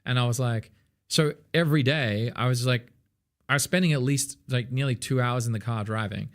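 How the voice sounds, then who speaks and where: A man's voice: medium pitch, normal speed. A man talking loose as a music teacher. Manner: animated, loose and swearing, many "like" fillers; sings song snippets to demonstrate. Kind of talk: casual livestream song feedback.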